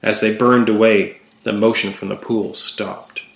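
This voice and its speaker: A young man narrating a first-person horror fantasy story in a measured, dramatic storytelling manner. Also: fairly low pitch, little pitch movement, creaky, a bit bright. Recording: roomy echo.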